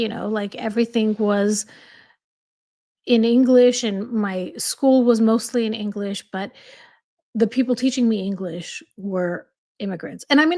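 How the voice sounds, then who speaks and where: A woman's voice: on the high side, a little mellow. A woman with a slight accent hosting a casual livestream chat, reading viewer comments aloud and answering them. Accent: slight foreign accent.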